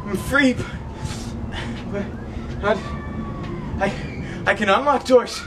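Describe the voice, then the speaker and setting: A man's voice: high voice, slow pace, roomy sound, distant mic. A man acting out a goofy skit with dramatic, panicky delivery. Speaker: amateur comedy sketch performer. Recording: noisy homemade recording.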